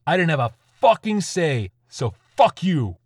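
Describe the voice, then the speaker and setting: A man's voice: medium pitch, steady tone, takes it slowly, dry recording, studio quality, close to an everyday voice. A man voicing a frightened, bitter Satanist in an audio story, stammering and cursing. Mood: raging. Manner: profane, stammering, shouting.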